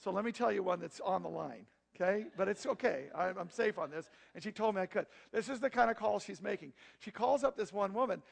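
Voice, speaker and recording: A middle-aged man preaching, telling a story in a lively, conversational way with asides to his congregation. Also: high-pitched, a little fast, creaky, few pauses. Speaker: pastor. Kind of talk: storytelling sermon.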